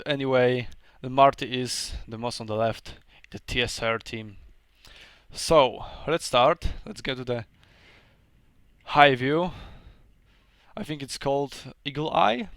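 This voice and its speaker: A man's voice: mid-range voice, slow, a bit bright, clean tone, no room sound. A man whose first language is Polish, casually commentating a strategy game battle, hesitant and thinking aloud with many fillers.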